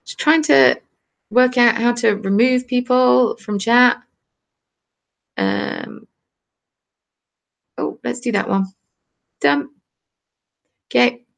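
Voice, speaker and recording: Chatty southern English woman, slightly gravelly. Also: mid-range voice. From southern England. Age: 20s. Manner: chatty, reading and answering viewer comments. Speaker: crafting channel host. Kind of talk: casual live-stream chat while knitting. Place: cold home.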